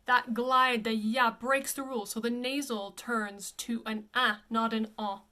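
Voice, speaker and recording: A fairly high-pitched woman teaching pronunciation as a voice coach. She sounds out each word with care, slowing down and saying it again so the listener can copy it. The tone is plain and instructive. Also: sharp tone, a little hiss or hum. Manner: models each word slowly and repeats it. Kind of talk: pronunciation lesson.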